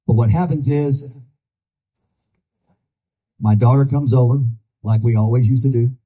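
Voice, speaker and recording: A man's voice: medium pitch, fairly even intonation, measured pace, warm tone, slightly rough, dull audio. An older man giving a folksy, earnest campaign speech, telling stories to a crowd of supporters. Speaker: political candidate.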